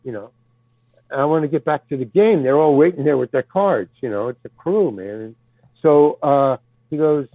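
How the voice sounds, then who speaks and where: A man's voice: a little high, huge pitch swings, normal speed, no echo. An older man, a guest actor, tells rambling stories with stammering restarts and casual swearing, on a tinny, phone-like recording. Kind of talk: rambling anecdotal storytelling. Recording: tinny phone-like dry sound.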